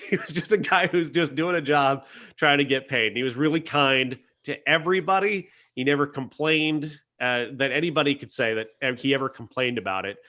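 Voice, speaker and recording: This man's voice is fairly high, bright, and forceful. Reviewing a film on a podcast, he speaks earnestly and casually but hesitantly, with many restarts and self-corrections.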